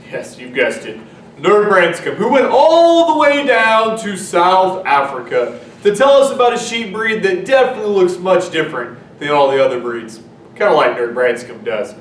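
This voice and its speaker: A man's voice: high voice, very animated, moderate pace. Brief: man voicing an upbeat teasing announcer, heard from across a roomy space. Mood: announcing. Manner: playful announcer delivery, handing off to segments. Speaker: agriculture teacher. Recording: roomy, distant mic, faint noise.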